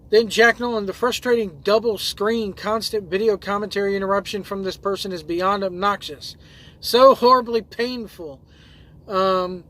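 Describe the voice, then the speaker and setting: A man's voice: high voice, a bit bright. A man who drives trucks and hosts his own videos, reading viewer comments aloud in a loose, rambling way with lots of fillers and restarts.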